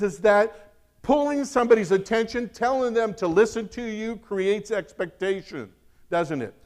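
High-voiced, animated preaching man. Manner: animated, swings from loud emphasis to quiet asides. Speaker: pastor. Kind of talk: sermon.

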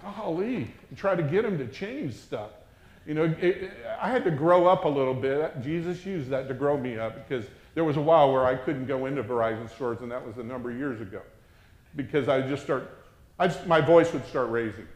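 Male preacher, sermon, somewhat high voice, big swings between loud urging and near-whispers, roomy echo. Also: lively intonation, moderate pace. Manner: dramatic swings from loud exhortation to hushed reverence.

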